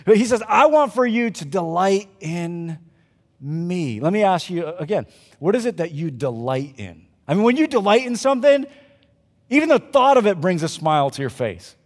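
A male pastor preaching a conversational sermon at a church service, swinging between loud emphasis and quiet asides to the congregation. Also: sits high, sing-song, brisk, big-room sound.

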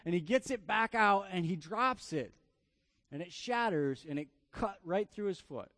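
A man in his thirties, a pastor preaching a sermon through a family story, often repeating words in quick bursts. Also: sits high, expressive, fairly bright tone, dry recording.

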